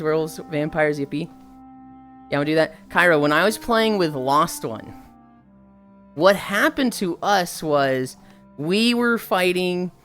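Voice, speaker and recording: Young woman streamer yapping to chat, swears a lot, voice jumps all over, a little music underneath. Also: fairly low pitch. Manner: animated, profane, storytelling. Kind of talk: casual chat with viewers.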